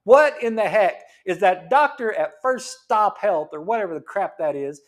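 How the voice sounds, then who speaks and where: A middle-aged man with a drawl gives a health talk as a chiropractor. His voice sits high for a man and swings up and down with energy. He talks in a fired-up, preachy way, firing off rhetorical questions. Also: lively intonation, normal speed.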